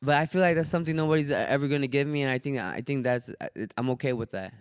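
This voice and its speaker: A man's voice: medium pitch, rapid-fire, clean tone, no room sound, clean studio sound. A man, a fighter, telling stories on a podcast in casual chat, swearing a lot and acting out what people said. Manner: animated, acts out quotes loudly. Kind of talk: casual storytelling, profane.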